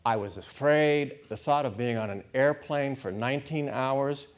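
A man preaching, telling a personal story, swinging between loud bursts and hushed asides. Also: mid-range voice, a little slow. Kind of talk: sermon storytelling.

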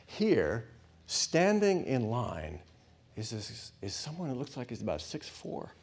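A man preaching, telling a personal story, swinging between loud bursts and hushed asides. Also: mid-range voice, huge pitch swings, unhurried, gravelly, slightly rough. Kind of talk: sermon storytelling.

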